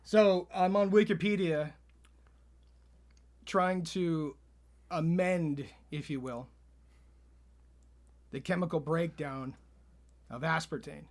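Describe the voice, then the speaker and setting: Deadpan male podcast co-host, fairly high voice, straight-faced storyteller. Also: slow pace, pauses often. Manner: deadpan, spins absurd tall tales with a straight face.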